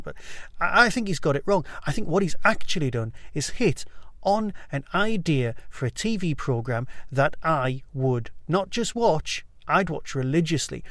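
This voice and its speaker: A man hosting a solo review podcast, talking with loose, enthusiastic chatter and plenty of asides. His voice sits a little higher than most men's. The sound is close and dry, with almost no room around it. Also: expressive, normal speed, a bit bright, no echo. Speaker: podcast host.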